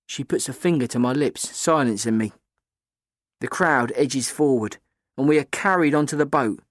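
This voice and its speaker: An audiobook narrator, male, reads a children's novel in the first person with an even, storytelling delivery. His pitch is medium and his pace normal, captured in a clean studio with no room sound.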